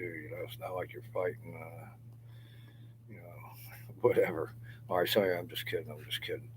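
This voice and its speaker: A middle-aged man with a deep, low voice rambles on in a long profane monologue, chuckling between phrases. He often sinks into mutters and near-whispers. A faint hum sits under the outdoor recording. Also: steady tone, moderate pace, long pauses, rough recording. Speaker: vlogger. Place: outdoors in a yard.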